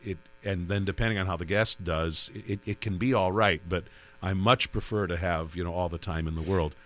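Low-voiced man, rambling radio host. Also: steady tone, brisk, a bit bright. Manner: rambling, with restarts and filler. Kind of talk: conversational interview.

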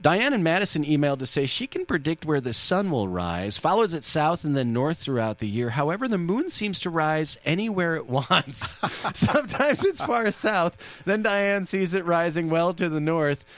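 A man's voice: on the high side, big pitch swings, normal speed, few pauses. A man hosting a radio call-in show, with a jokey, easygoing manner. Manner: jokey and easygoing, laughs along with callers. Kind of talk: casual radio talk.

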